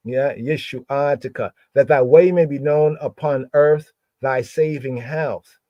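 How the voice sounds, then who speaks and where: A man's voice: medium pitch, slow pace, no room sound. Guy teaching scripture live, says each word again and again, dry dull lo-fi sound. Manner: repeats words over and over, drawn out. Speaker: Bible study teacher.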